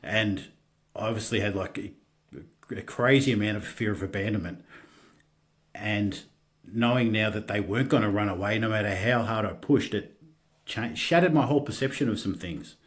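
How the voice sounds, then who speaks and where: A middle-aged man with an Australian accent, a podcast guest telling his own story candidly, halting and restarting often and swearing casually. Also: fairly low pitch.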